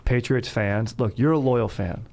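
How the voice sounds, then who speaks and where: A man's voice: medium pitch, measured pace, vocal fry, a little mellow, a little hiss or hum. A man hosting a casual sports podcast, rambling and joking, often breaking into laughter. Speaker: podcast host.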